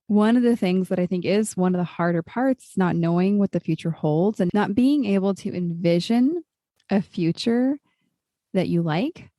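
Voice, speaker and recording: A woman's voice: medium pitch, warm tone, no echo, clean studio sound. A middle-aged woman hosting a podcast, thoughtfully asking long, searching questions in conversation. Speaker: podcast host. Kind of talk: conversational interview.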